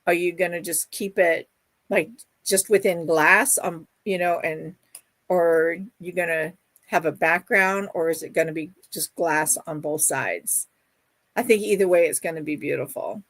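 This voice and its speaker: A woman's voice: lowish voice, unhurried, fairly bright tone, dry recording. A middle-aged woman hosting a casual livestream, chatting and reading viewer comments aloud in a gushing, affectionate way. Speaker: livestream host.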